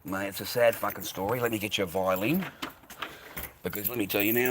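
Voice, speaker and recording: A man's voice: fairly low pitch, fast, fairly bright tone, slight background noise. Swearing, blunt man. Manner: coarse, swearing, emphatic. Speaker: vlogger giving advice to men. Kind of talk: blunt motivational monologue.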